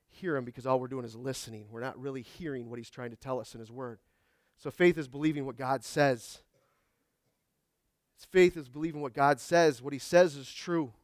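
A man's voice: a little high, dry recording, studio quality. A middle-aged man giving a conversational sermon, mixing scripture with homey jokes and acted asides. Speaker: preacher.

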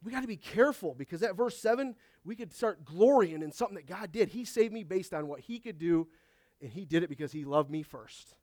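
Male pastor, high-pitched, chatty preaching style, reads scripture aloud, dry recording. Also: animated, brisk, darkish tone, no echo. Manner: conversational preaching, often asking the congregation "Amen?"; reads scripture aloud in old biblical wording. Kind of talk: sermon. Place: church service.

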